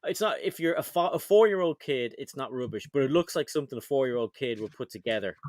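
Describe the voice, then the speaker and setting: Lively man chatting on a livestream. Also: mid-range voice, fast talker. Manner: chatty, reads out viewer comments. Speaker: livestream co-host. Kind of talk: casual livestream chat.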